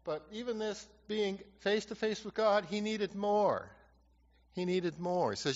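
Male preacher, slightly high voice, repeats key lines for emphasis, muffled recording in a long-echo hall. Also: animated, unhurried. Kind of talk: sermon.

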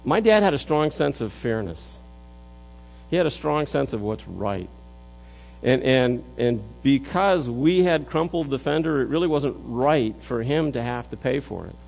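A man's voice: mid-range voice, creaky, darkish tone, rough recording. A middle-aged man preaching a sermon in an earnest way, often repeating words as he builds a point. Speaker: pastor.

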